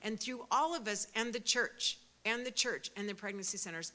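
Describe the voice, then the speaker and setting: A woman in her sixties giving an impassioned speech at a pro-life event, fervent and emphatic, rising to loud peaks. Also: medium pitch, normal speed, few pauses. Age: 60s.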